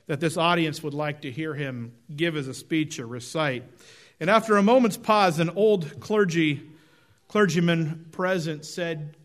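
Male preacher giving a sermon, slightly high voice, measured and emphatic. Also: fairly bright tone. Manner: measured, emphatic, drops low at phrase ends.

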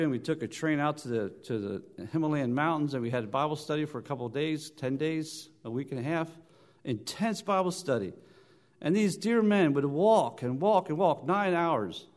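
Preacher man telling stories in a sermon. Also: a little high. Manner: storytelling, rising loud on emphasis and dropping soft; halting restarts and repeated words. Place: church.

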